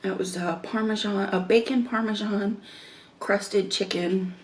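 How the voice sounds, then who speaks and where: A woman chatting casually while eating on camera, rambling slowly with many fillers. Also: medium pitch, steady tone, a little hiss or hum. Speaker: mukbang vlogger.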